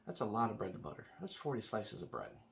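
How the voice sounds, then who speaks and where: A man's voice: on the low side, huge pitch swings, fast, gravelly, slight background noise. A man co-hosting a casual at-home vlog, reading out questions and answering with dry jokes. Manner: dry, joking, laid-back. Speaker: co-host. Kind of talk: casual chat.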